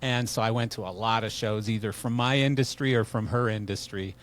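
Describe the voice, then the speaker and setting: A middle-aged man hosting a podcast, telling an anecdote in a relaxed way and laughing as he acts out quoted lines. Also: fairly low pitch, a little fast, slight background noise. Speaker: podcast host. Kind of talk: casual storytelling interview.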